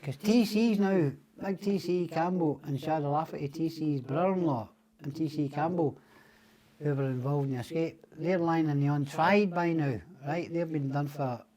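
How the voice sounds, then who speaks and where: A man's voice: on the high side, normal speed, a crowd in the background. A middle-aged Scottish man, a podcast guest, telling rambling, profane stories and acting out the other people's lines. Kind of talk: casual storytelling.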